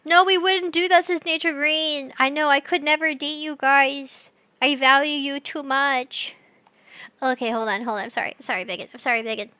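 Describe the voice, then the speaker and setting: Bubbly, high bright young woman streamer. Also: steady tone, moderate pace, dry recording. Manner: bubbly and scatterbrained, giggly. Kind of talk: casual live-stream chat.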